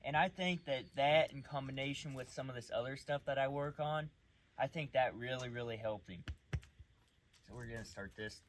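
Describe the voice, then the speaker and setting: A man's voice: mid-range voice, moderate pace, a little hiss or hum. A man who trains dogs, talking casually while working a dog outdoors at night, mixing loose explanations with short, firm commands.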